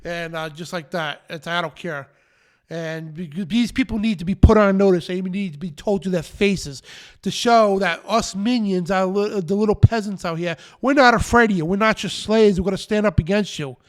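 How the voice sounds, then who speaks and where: A man's voice: high-pitched, moderate pace. A man hosting a live show, preaching in an emphatic, defiant rant and repeating his phrases. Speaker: show host.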